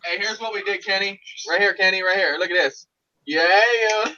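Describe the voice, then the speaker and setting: A man bantering excitedly in casual chat with friends on a livestream. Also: high voice, normal speed, over a noisy crowd. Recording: dull lo-fi sound with clear noise.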